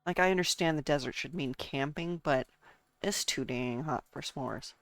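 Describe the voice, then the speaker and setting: A woman's voice: sits low, moderate pace, no echo. A woman streaming a game and chatting casually, rambling from one thought to the next and talking to her chat and herself.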